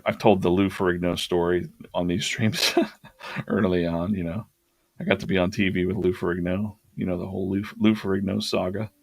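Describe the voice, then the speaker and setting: A man's voice: sits low, creaky, no echo. A man hosting a live drawing stream, telling a long anecdote in a casual, rambling way with lots of fillers and restarts.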